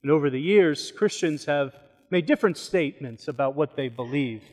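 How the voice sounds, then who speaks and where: A man delivers a sermon in a church, his slightly high-pitched voice carrying a long reverb through the hall. He talks in an easy, conversational way and slips in joking asides between points. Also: normal speed, darkish tone. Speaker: pastor. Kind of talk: sermon with storytelling. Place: church sanctuary.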